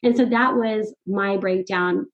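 Animated woman telling a personal story. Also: medium pitch, a little slow, lo-fi sound. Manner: animated, laughs often, quotes her own thoughts. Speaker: podcast guest. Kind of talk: casual conversational storytelling.

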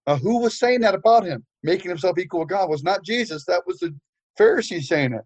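A man's voice: high voice, lively intonation, brisk, a little mellow, no room sound. An older man preaching, telling a story with humor, with frequent fillers and restarts. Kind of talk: storytelling sermon.

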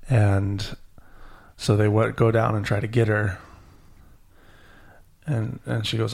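A man hosting a podcast, retelling a myth to a child in an animated, storytelling way. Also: lowish voice, measured pace, gravelly, long pauses, husky. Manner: animated storyteller, acting out characters. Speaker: podcast host.

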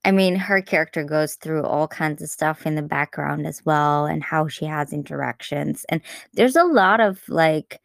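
A woman co-hosting a podcast, chatting casually about a film, animated and laughing often, with frequent restarts. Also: low voice, normal speed, creaky, no room sound, studio quality. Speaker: podcast co-host. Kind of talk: casual film review chat.

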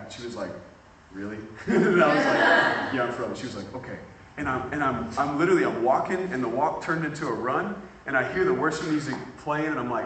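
A man preaching a sermon, telling a story and acting out the people in it, building to excited shouting. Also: mid-range voice, fast, roomy sound, far from the mic, a little hiss or hum, low-quality recording. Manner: builds from calm to shouting excitement, acts out dialogue. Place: church hall with congregation.

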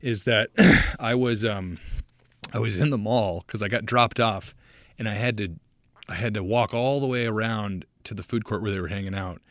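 A man's voice: on the low side, normal speed, dry recording, studio quality. A man co-hosting a podcast, telling a story in a loose, chatty way, full of fillers and acting out the people in it. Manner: animated, lots of "like", acts out voices in his story. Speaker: podcast guest host. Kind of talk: casual storytelling in a podcast chat.

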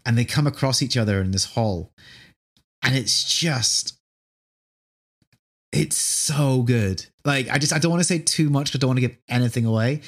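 A man with a Scottish accent co-hosting a podcast, gushing enthusiastically in casual chat. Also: medium pitch. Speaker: podcast co-host.

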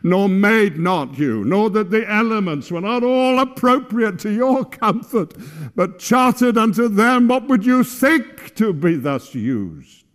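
A man recites a classic speech in a slow, declamatory way, with a lively, wide-ranging pitch. His voice rings out through a hall with a long reverb tail. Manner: measured, declamatory, rising to forceful emphasis.

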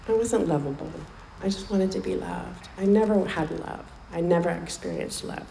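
Woman with a low, gravelly voice sharing a recovery testimony, emotional and candid; roomy echo with faint noise. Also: normal speed, warm tone. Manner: candid and emotional, repeating phrases for weight. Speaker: speaker sharing a recovery story. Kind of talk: personal testimony at a recovery meeting. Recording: echoey room, faint background noise.

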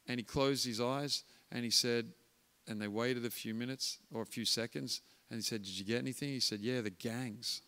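In a church hall with audible reverb, a man delivers a guest sermon in a mid-range, bright, forceful voice with fairly even intonation at normal speed. He tells a story and acts out its characters' voices.

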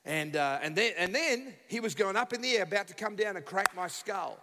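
Australian male guest preacher, high bright voice, animated storyteller, reverberant church hall. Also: a little fast. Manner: animated, acts out dialogue, bursts into shouts. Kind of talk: humorous sermon storytelling. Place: church sanctuary.

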